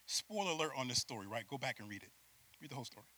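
A male preacher giving a lively sermon, acting out voices, laughing often and calling out to the crowd. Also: medium pitch, racing.

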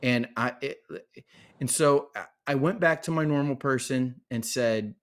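A man's voice: medium pitch, measured pace, a bit bright. A man co-hosting a live-streamed podcast, telling a small personal story in a chatty, self-deprecating way. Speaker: podcast co-host. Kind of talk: casual live-stream chat.

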